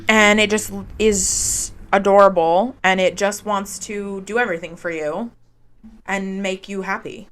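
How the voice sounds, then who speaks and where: Smooth-voiced woman co-hosting a podcast. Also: medium pitch, steady tone, unhurried. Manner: soft-spoken, reads fun facts aloud. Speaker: podcast co-host. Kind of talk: casual chat.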